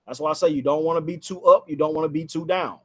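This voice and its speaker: A man's voice: a little high, fairly even intonation, fast talker, darkish tone, breathy edge. Man coaching casually, repeating himself. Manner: conversational, repeats phrases for emphasis. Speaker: insurance sales trainer. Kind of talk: casual spoken training talk. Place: inside a house.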